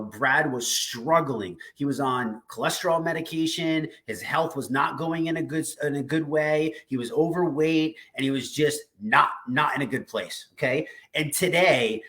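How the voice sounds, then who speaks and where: A man's voice: fairly high pitch, pushed and bright. A man hosting a weekly diet community livestream, giving a passionate, emphatic pep talk full of repeated phrases and casual swearing. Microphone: video call streaming setup.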